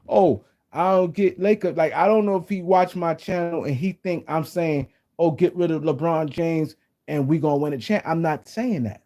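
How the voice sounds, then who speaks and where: A man streams casual sports talk, his voice a touch high but warm and mellow. He rambles and circles back to his points again and again. Now and then he breaks off to speak to viewers in the chat. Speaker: sports talk show host. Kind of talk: casual live-stream commentary.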